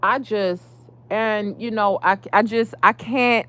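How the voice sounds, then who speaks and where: A woman venting casually about a neighbor, animated and profane. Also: medium pitch, slow. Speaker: vlogger. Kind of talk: casual storytime rant.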